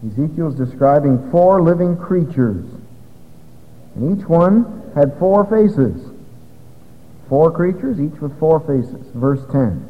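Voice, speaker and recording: A man's voice: fairly high pitch, expressive, takes it slowly. A man teaching an evening Bible study to a live audience, explaining step by step in a conversational way. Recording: dull lo-fi recording with long hall reverb.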